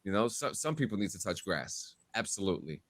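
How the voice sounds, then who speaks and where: A man's voice: lowish voice, big pitch swings, fairly quick, fairly bright tone, no room sound. Rambling man hosting a podcast. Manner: rambling, repeats words while starting sentences. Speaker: podcast host. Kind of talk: casual podcast sign-off.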